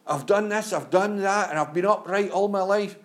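A preacher playing pleading, indignant Job. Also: male voice, high-pitched, normal speed, voice pushed up, natural voice. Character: Job, suffering man pleading his innocence.

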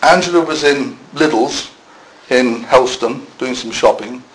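A man's voice: medium pitch, slow pace, low-quality recording. Conversational male preacher. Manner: conversational, self-deprecating asides. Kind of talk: sermon.

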